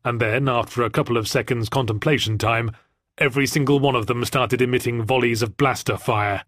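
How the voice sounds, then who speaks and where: A man's voice: medium pitch, fairly even intonation, a little fast, fairly bright tone, dry recording. A man narrating an audiobook in the first person with a dry, wry storytelling manner.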